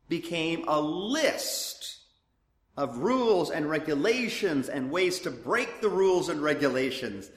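A man's voice: on the high side, a little slow. A man giving conversational Bible teaching in sermon style, often restarting his sentences. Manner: animated, conversational, with frequent restarts. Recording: echoey hall.

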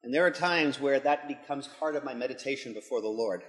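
A man's voice: mid-range voice, a little fast, hardly any pauses, fairly bright tone. A middle-aged man, a pastor and school leader, giving an earnest devotional talk that builds to emphatic intensity. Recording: long hall reverb.

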